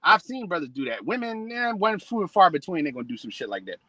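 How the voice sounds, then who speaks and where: A man's voice: high voice, sing-song, quick pace, pushed and bright, no room sound, low-quality recording. A man preaching in a blunt, profane rant, repeating "man" and "bro" to his listeners. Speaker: religious preacher.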